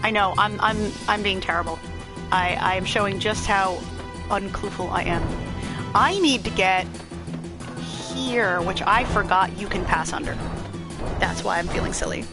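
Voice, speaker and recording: A woman's voice: medium pitch, moderate pace. A young woman streaming a video game, chatting playfully and poking fun at herself. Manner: chatty, self-deprecating, playful. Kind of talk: casual gameplay commentary. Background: game music.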